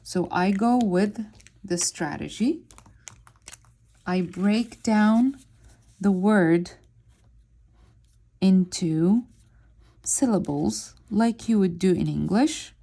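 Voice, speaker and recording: A woman teaching Arabic reading to beginners, sounding out words syllable by syllable in a slow, deliberate way. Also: mid-range voice, vocal fry, warm tone. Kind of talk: spoken lesson while writing on a board.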